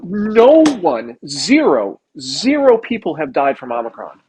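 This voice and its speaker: A man from South Dakota co-hosting a podcast, telling profane, animated stories in casual chat. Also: a little high, measured pace, husky, no room sound. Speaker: podcast co-host.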